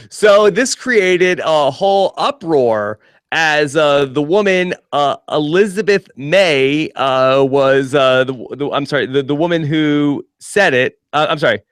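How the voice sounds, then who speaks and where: Male podcast host, smooth and clear, light chuckles, dry close sound. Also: a little high, slow, dry recording. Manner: laughs often, hesitant with many fillers. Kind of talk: casual news chat.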